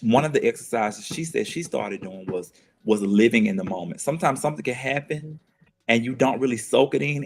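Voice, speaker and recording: A man's voice: mid-range voice, vocal fry. Guy on a talk show, earnest and reflective, keeps repeating himself as he works it out. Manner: earnest, self-questioning, repeats phrases.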